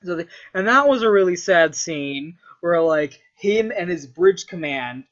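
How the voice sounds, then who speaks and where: A young male vlogger tells a story as a loose, casual ramble, swearing and saying "like" constantly. His voice is high-pitched, animated and fairly bright, at a measured pace, on a dull lo-fi recording.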